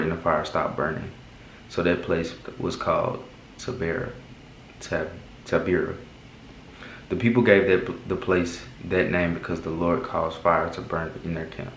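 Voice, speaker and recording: Man, low and monotone, casual Bible reader, home room with faint hiss. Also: echoey room, rough recording. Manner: halting, stumbles and rereads words. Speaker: Bible reading host. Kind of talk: casual Bible reading aloud. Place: second bedroom at home.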